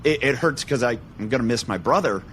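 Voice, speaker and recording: A male podcast host speaks in an earnest, reflective way, often hesitant as he searches for words. His voice sits at a middling pitch. A faint low rumble runs underneath. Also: lively intonation, a little fast, a bit bright. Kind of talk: conversational interview.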